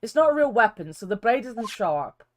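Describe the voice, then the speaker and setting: A woman's voice: on the high side, big pitch swings, normal speed, slight background noise. A woman reading as a polite curator. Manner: polite, formal. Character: polite, earnest female museum curator. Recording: game music behind voice.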